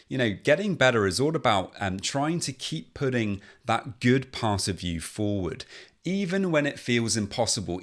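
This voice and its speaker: A man's voice: mid-range voice, a bit bright. A man hosting a solo podcast as a coach, talking earnestly and reassuringly with frequent fillers.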